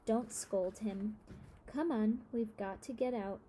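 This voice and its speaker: A woman voicing a calm, kindly old man in a storybook reading, speaking softly and reassuringly. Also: a little high, unhurried, a little hiss or hum, close to an everyday voice. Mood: soothing.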